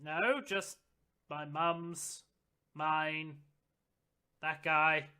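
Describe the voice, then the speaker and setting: A game master voicing a cheeky young elf boy in a tabletop game, with high, drawn-out calls. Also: fairly even intonation, pushed and bright, clean tone. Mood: plain.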